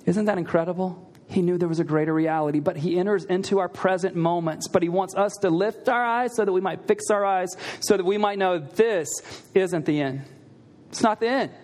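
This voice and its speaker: Preaching in a conversational style, this pastor poses rhetorical questions to the congregation and drives home key lines by repeating them. His voice is high, brisk and a little mellow.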